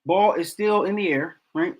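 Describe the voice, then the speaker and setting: A man walks through football game film in casual commentary, repeating points over and over in exasperation. His voice is husky and sits a bit high for a man. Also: normal speed, poor audio. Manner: exasperated, repeats himself for emphasis. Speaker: host of a football film breakdown channel.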